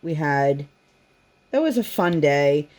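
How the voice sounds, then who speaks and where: Woman, 30s, low-pitched and animated, loose and rambling crafting chat at a desk. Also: slow pace. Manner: rambling, chatty, acts out her daughter's questions in a higher voice. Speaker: crafting vlogger. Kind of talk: casual chat while crafting.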